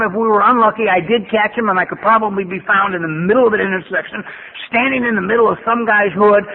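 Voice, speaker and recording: Older male speaker, high voice, blunt and wry, lo-fi tape, tinny with faint hiss. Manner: blunt, profane, wry storytelling with animated bursts. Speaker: recovery meeting speaker. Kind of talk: personal testimony talk with storytelling.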